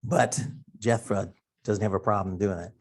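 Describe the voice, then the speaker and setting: In a lowish voice with fairly even intonation and moderate pace, a middle-aged man from Wisconsin gives a Sunday school Bible lesson. He speaks in a folksy, conversational way, musing aloud.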